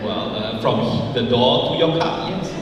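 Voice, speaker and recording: A man's voice: medium pitch, unhurried, background noise. Emphatic preacher man in echoey hall. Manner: emphatic, repeats key phrases. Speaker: pastor. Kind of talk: sermon. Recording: echoey hall, mic far off.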